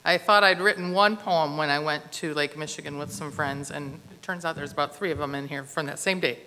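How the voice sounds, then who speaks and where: A woman's voice: sits low, fairly quick, sharp tone. A woman chatting casually to a group as she introduces a poem she wrote herself. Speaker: poetry reading participant. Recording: reverberant hall.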